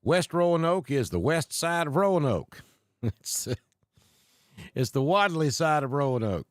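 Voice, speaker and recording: A man's voice: on the high side, lively intonation, no room sound, clean studio sound. Folksy Southern man reading off weather greetings. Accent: Southern US, Alabama with north Georgia mountain mix. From Alabama. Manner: folksy, unhurried, greets viewers by name. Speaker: weather livestream host. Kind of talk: live weather stream, reading viewer comments. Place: home in northeast Georgia.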